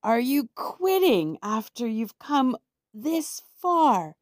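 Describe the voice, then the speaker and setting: A woman's voice: medium pitch, moderate pace, darkish tone, no room sound, clean studio sound, lightly acted. Woman playing an earnest little squirrel. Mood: yelling. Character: loyal small squirrel companion.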